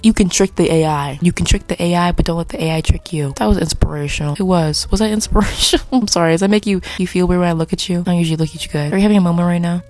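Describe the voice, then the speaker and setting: A woman's voice: fairly low pitch, very fast, hardly any pauses, darkish tone. Giggly rambling young woman vlogging. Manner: giggly, rambling, goes off on tangents. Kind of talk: casual rambling vlog. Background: faint background music.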